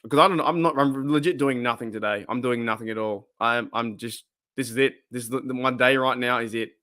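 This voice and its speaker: A man's voice: mid-range voice, fairly quick, pushed and bright. Rambling Australian guy on a live stream. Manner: rambling, repeats himself, laughs often. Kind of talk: casual live-stream chat.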